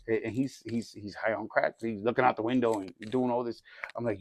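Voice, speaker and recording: A man's voice: medium pitch, steady tone, fast talker. A man sharing his personal testimony in casual street slang, acting out the dialogue as he tells it, with frequent restarts and "you know what I mean.". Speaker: church group member giving his testimony.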